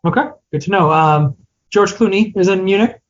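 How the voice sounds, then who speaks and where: On a muffled recording, a male podcast co-host with a high-sitting voice talks at an ordinary pace. His casual film talk is hesitant and self-mocking, full of restarted sentences.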